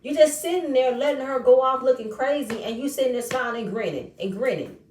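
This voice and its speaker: A woman recapping a reality show episode in casual, animated commentary, acting out the quoted lines in changing voices. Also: high-pitched, fairly quick, far from the mic, a little hiss or hum. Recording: echoey room, voice set back from mic.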